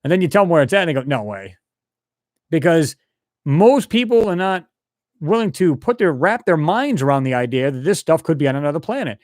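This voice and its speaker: A man's voice: fairly high pitch, animated, fast talker, a little mellow, no room sound, clean studio sound. A man hosting a live stream, chatting loosely and rambling as he reads out viewer comments. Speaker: channel host answering live chat. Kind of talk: casual live-stream chat.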